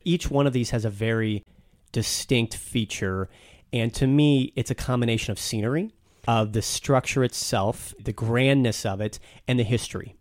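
A man's voice: mid-range voice, moderate pace, a little mellow, no echo. Guy gushing on a podcast, dry close mic, rambly stories. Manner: enthusiastic, storytelling, some restarts. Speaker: podcast guest, castle enthusiast. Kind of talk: casual podcast conversation.

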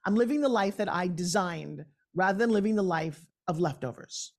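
A woman guest on a podcast, a professional coach, telling her story in an energetic, emphatic way. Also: fairly low pitch, moderate pace. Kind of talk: podcast interview.

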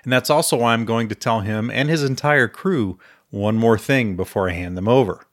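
A man reading the lines of a resolute woman starship captain in a grim, flat way. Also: mid-range voice, moderate pace, no room sound, studio quality, natural voice.

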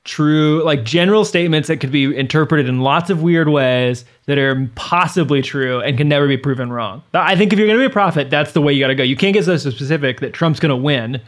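A man's voice: a little high, fairly quick, few pauses. A man in his thirties co-hosting a casual podcast, joking wryly and telling a story. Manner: wry, joking, conversational. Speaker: podcast co-host. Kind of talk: casual chat.

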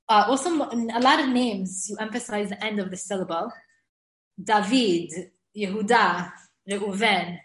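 A woman teaching a relaxed grammar class, chatty and quick to laugh. She slows down to sound out example words one syllable at a time. Her mid-pitched voice rings a little in an echoey room. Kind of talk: informal classroom lesson.

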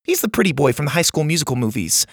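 A nerdy, sharp-tongued boy, played by a man who rattles off comebacks fast in a raised, lively voice. A husky, gravelly edge stays under it. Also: a little high, no room sound, studio quality, voice pushed up. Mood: snarky.

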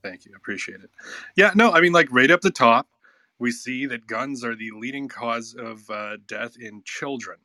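An articulate man argues his case calmly and precisely, his voice a little hoarse from illness. The tone is bright and forward. There's little room sound, so it comes across dry. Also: mid-range voice, no echo. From United States. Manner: articulate, argumentative, measured. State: sick, slightly hoarse. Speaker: caller.

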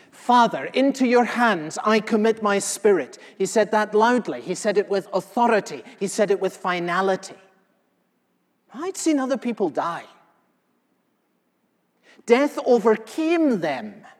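A male pastor playing the apostle John in a first-person sermon, telling what he saw with earnest feeling, moving between hushed and loud passages. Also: high voice, big pitch swings, measured pace, pauses often. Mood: awed. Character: the elderly apostle John, solemn eyewitness. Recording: long reverb of a large hall.

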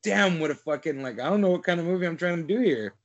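A man with a fairly high voice co-hosts a movie podcast in loose, casual chat. His talk rambles, is full of "like", and he swears often. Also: expressive, quick pace, lo-fi sound. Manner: rambling, heavy filler "like", frequent swearing. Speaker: podcast co-host.

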